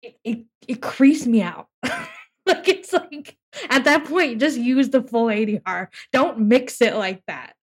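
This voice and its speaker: A woman's voice: on the high side, measured pace, husky. A woman co-hosting a film podcast, chatting casually in a matter-of-fact, wry way. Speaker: podcast co-host.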